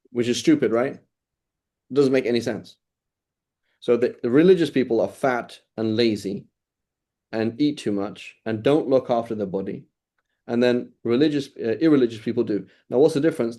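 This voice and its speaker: A man's voice: medium pitch, dark tone. A man giving an informal religious lesson, talking conversationally, repeating phrases and keeping the class with him by asking "right?" again and again. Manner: repeats phrases to drive points home. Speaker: religious teacher.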